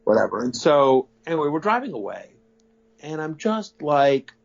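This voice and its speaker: A man's voice: fairly high pitch, normal speed, creaky. A middle-aged man telling a story in a casual interview, rambling, restarting sentences and swearing now and then. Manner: animated, rambling, self-correcting, profane. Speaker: interview guest. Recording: dull lo-fi audio.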